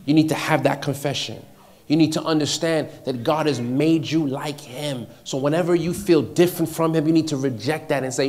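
A man with a fairly high voice delivering a sermon before a congregation. He preaches with emphasis, repeating key phrases and moving between hushed, personal lines and loud, ringing declarations. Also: normal speed.

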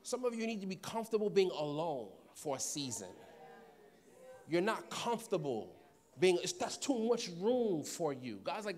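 Animated high-voiced preacher man. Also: normal speed. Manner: animated, acts out voices, laughs often. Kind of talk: sermon with storytelling.

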